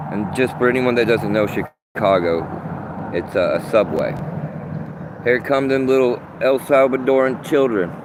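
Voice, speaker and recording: A man ranting on a livestream while sitting beside a tree outdoors, profane and agitated, circling back on his own words. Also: lowish voice. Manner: profane, agitated, rambling with restarts. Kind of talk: rambling livestream rant. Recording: outdoor traffic noise.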